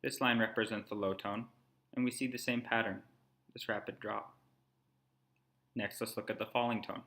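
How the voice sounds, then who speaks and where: Low, bright-voiced man explaining calmly. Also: moderate pace. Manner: calm, explanatory, step by step. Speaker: language instructor. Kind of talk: screen-recorded tutorial narration.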